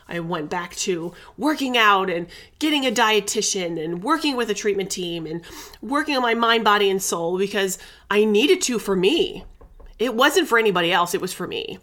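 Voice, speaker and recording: A woman's voice: medium pitch, fairly bright tone. Candid, chatty woman podcast host. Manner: candid and chatty, uses endearments and swears. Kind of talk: casual wellness podcast monologue.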